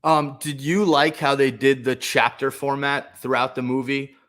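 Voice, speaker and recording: On a casual movie review podcast, this young male co-host speaks at a moderate pace in a level, mid-range voice with a fairly bright tone. He's hesitant, restarting often and filling gaps, and keeps asking his co-host questions.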